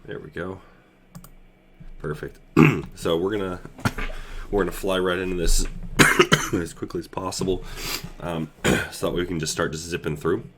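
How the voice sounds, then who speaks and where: A young man with an extremely low voice hosts a casual livestream from his computer. He is congested and keeps coughing and clearing his throat, and his talk is halting and full of ums. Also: noisy background. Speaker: livestream host.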